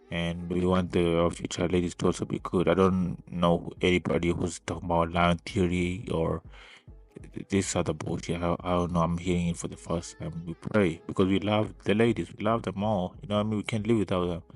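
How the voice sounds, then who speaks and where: A man giving casual reaction commentary, talking in incredulous, exasperated bursts and swearing freely. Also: low voice. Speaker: reaction video host.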